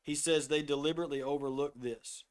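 With a smooth, fairly high voice, fairly even intonation, and a quick pace, a middle-aged man tells an earnest personal story in a casual discussion of faith. Scripture readings pop up now and then, and his voice softens when he quotes himself.

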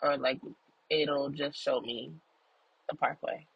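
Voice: mid-range voice, fairly even intonation, slow, creaky, slightly rough, dry recording, dull audio. A person recording a casual audio journal in a car while driving, telling a story in an emphatic, profane way. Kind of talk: casual venting monologue.

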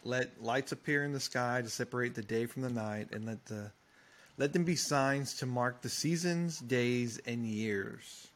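A man's voice: mid-range voice, unhurried, fairly bright tone. Easygoing man in a Bible study chat. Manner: easygoing, reads verses plainly, brief agreements. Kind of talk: casual Bible study discussion.

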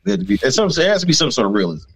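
Animated, laughing man in casual chat. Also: a little high, rapid-fire, vocal fry, husky, low-quality recording. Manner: animated, profane, laughs often.

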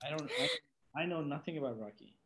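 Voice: mid-range voice, lively intonation, fast, a crowd in the background. Rambling, chatty vlogger with a mid voice. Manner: rambling, many restarts and acted-out quotes; laughs often while talking. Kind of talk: casual chat.

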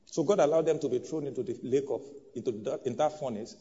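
A man's voice: fast, slight background noise. A man, a pastor preaching a sermon to a congregation in a church hall, with big swings in volume and emphasis. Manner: preaching with bold swings of pitch and loudness. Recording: dull sound with long hall reverb.

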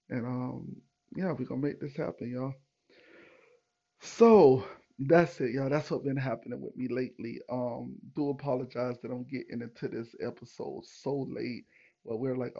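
A man's voice: mid-range voice, creaky, dark tone, muffled recording. A young man, hosting a podcast and telling a rambling personal story to his listeners, with many fillers and asides. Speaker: podcast host. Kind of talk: casual storytelling monologue.

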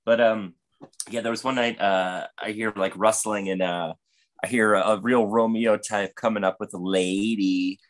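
A man's voice: on the low side, fairly even intonation, moderate pace. A man telling a rambling, profane, comedic story in casual podcast chat. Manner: profane, rambling, with frequent fillers. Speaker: podcast guest or host.

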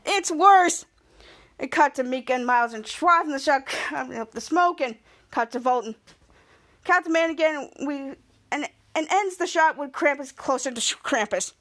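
High-voiced woman rambling through a recap. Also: normal speed, a bit bright. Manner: rambling, repeats itself often, restarts sentences. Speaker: podcast host. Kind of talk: casual TV episode recap.

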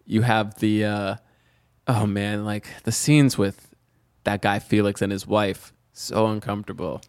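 A man's voice: fairly low pitch, flat delivery, a little slow, a little mellow, clear, resonant tone, no echo, studio quality. A man co-hosting a casual film-review podcast, speaking in a laid-back way with short replies. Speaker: podcast co-host.

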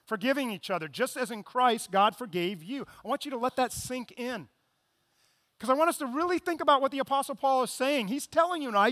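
High-pitched bright male pastor preaching. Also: big pitch swings, normal speed, no room sound. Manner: dynamic preaching, swinging between loud emphasis and hushed asides. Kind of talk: sermon.

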